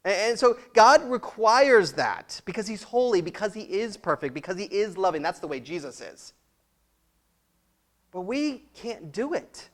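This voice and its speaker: A man with a fairly high voice preaches to his congregation in a relaxed, chatty way. He keeps it personal with short laughs and quick questions to the room. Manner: conversational, laughs often, asks the audience questions. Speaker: pastor. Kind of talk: sermon. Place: church.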